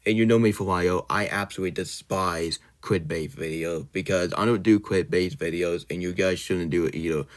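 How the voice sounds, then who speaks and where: A man's voice: low-pitched, fairly quick, few pauses. A man hosting his own channel, ranting indignantly in a casual vlog style, loosely worded and full of fillers. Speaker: channel host.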